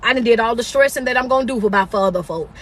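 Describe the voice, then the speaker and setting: Brief: high-pitched woman, motivational speaker, emphatic repeated refrains, blunt and scolding. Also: very fast, a bit bright. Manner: repetitive, emphatic, preachy refrains. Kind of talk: motivational talk.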